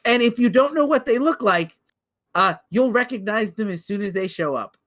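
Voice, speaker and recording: A man co-hosting a podcast, telling stories in a casual chat and stumbling over repeated words when excited. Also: sits high, normal speed. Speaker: podcast co-host.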